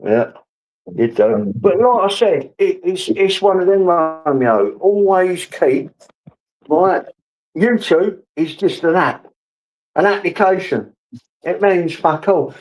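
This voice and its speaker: Calm man, higher voice. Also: takes it slowly, poor audio. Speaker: streamer host. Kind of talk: casual live-stream chat.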